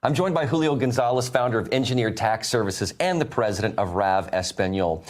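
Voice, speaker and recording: A man working as a news correspondent, asking an interview question with some halting. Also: lowish voice, lively intonation.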